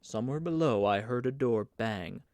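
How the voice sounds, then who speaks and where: A man narrating an audiobook of a novel in an even, measured reading. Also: mid-range voice, no room sound. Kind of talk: scripted narration.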